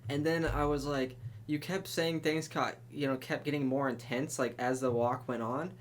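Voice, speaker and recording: A man's voice: mid-range voice, steady tone, moderate pace. A young man co-hosting a podcast in casual chat, telling stories with laughs and swearing freely. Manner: laughing storyteller who acts out quotes, swears freely. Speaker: podcast co-host.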